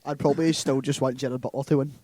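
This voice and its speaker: Male co-host, mellow, jokey and sarcastic, casual chat. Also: medium pitch, fairly even intonation, rapid-fire. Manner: laughs often, sarcastic asides. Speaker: podcast co-host.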